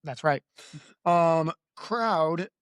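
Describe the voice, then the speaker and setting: Here a talkative book-podcast co-host jokes around and weighs a story against its movie version, putting on silly voices for anecdotes. The casual chat is extremely slow, at a middle pitch, recorded close and dry without echo or room sound.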